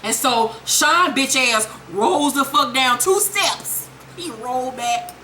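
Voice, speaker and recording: A woman giving a casual, profane, animated recap of a TV episode. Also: sits high, slow pace, a little hiss or hum. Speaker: TV recap vlogger.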